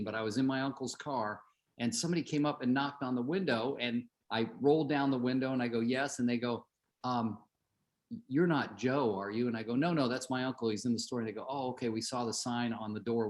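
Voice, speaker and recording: A man's voice: medium pitch, brisk. A middle-aged man coaching real estate agents on a group call, chatty, telling stories and asking the group questions.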